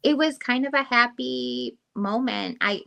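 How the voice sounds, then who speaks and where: A woman's voice: fairly high pitch, unhurried, creaky, sharp tone, lo-fi sound. A middle-aged woman co-hosting a podcast, telling a personal story candidly and emotionally with lots of fillers. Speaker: podcast co-host. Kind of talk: casual chat.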